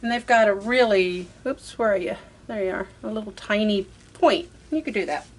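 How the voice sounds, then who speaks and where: A woman with an animated, mid-range voice speaks at a moderate pace during a casual craft tutorial. She chats as she goes, step by step, muttering to herself while working and using "y'all."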